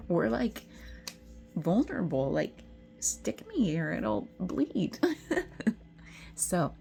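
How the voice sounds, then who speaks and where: A middle-aged woman giving an intuitive tarot reading to camera. She is tearful and tender, and drifts into soft whispers when she is moved. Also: on the low side, big pitch swings, drawn-out words, vocal fry, soft background music. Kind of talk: emotional spiritual talk to camera.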